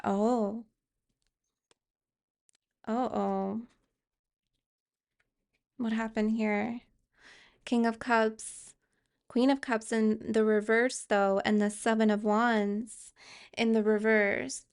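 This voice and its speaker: A woman's voice: fairly high pitch, level tone, very slow, vocal fry, pauses often, smooth. A woman giving a tarot card reading, speaking hesitantly with fillers and restarts and reassuring viewers directly. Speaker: tarot reader.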